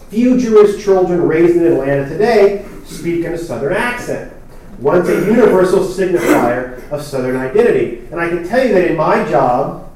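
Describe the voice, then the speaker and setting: A man's voice: on the high side, a little mellow, slight background noise. A man giving an academic lecture from prepared text, with fillers and wry asides, recorded in a hall. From New Jersey. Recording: very echoey hall, speaker far from mic.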